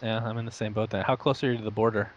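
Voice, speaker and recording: A man's voice: fairly low pitch, little pitch movement, racing, dull audio, a little hiss or hum. A young man who grew up in Saudi Arabia and the United States, talking casually as an interview guest. He rambles, pokes fun at himself and laughs often. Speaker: interview guest, esports caster.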